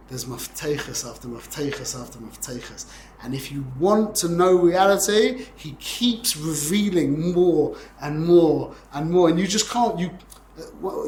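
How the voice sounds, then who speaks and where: A man's voice: a little high, roomy sound, a little hiss or hum. A man in his forties giving an informal Torah class, talking in a rambling, conversational way and often checking in with "yeah?". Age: 40s. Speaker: Torah teacher.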